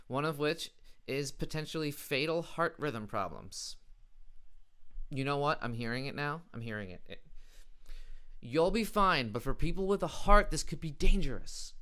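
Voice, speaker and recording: A male comedy host runs through a sarcastic monologue, mocking his subject. His pitch swings widely and keeps the delivery animated. The voice is smooth and clear, at a middle pitch for a man. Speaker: late-night comedy host.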